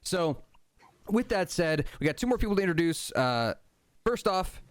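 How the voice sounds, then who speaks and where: A man hosts a tabletop game stream in loose, rambling chat, full of fillers and restarts. His voice is smooth and clear. The sound is dry and close. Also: high-pitched, very animated, normal speed, no echo. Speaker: game master and stream host. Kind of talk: casual chat introducing players.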